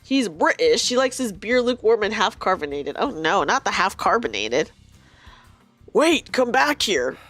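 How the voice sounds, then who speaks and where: A woman's voice: mid-range voice, animated, normal speed, few pauses, fairly bright tone, faint music behind. A young woman streaming a game, chatting casually, giggling and reading the game's lines aloud.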